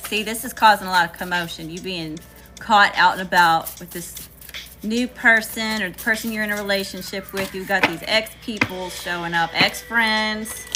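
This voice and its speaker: A woman with a Southern accent doing a casual tarot reading, chatty and slangy, talking back to Spirit. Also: medium pitch. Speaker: tarot reader.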